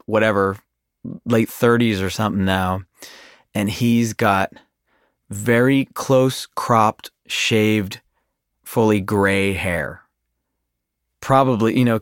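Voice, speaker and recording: A man being interviewed, describing a dream in a casual, unhurried way. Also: on the low side, smooth, no echo, clean studio sound. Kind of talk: reflective personal recollection.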